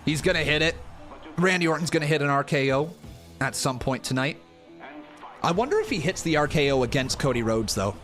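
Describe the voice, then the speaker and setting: High, shouting hype-man streamer. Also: animated, a little fast. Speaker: live stream host. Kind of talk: hyped watch-along commentary. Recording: music under the voice. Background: music playing.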